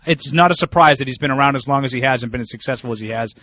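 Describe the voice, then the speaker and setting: A man's voice: mid-range voice, racing, pushed and bright. Opinionated man talking football. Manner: emphatic, opinionated, repeats words when restarting. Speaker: sports radio co-host. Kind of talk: casual sports talk.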